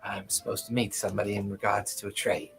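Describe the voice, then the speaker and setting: A man voicing a refined, guarded female orc merchant who speaks haltingly, with faint music behind. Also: lowish voice, flat delivery, creaky, a bit bright, a little hiss or hum, pitched below the performer's own voice. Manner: hesitant, halting speech.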